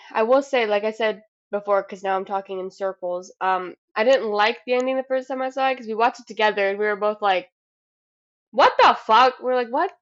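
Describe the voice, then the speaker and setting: A woman co-hosting a casual podcast, talking in an animated, swearing way and acting out her own reactions. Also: medium pitch. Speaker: podcast co-host. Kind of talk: casual chat. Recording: dull lo-fi sound.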